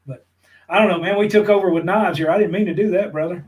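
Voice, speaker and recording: A man's voice: high-pitched, fast, a little mellow, rough recording. A man, co-hosting a casual live-stream chat in a folksy, joking way. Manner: folksy, jokey, calls people brother. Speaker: prepping channel co-host.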